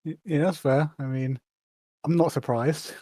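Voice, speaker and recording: A podcast co-host in casual chat, low-key and dry, repeating jokes back in a slow deadpan. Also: slightly rough, no room sound.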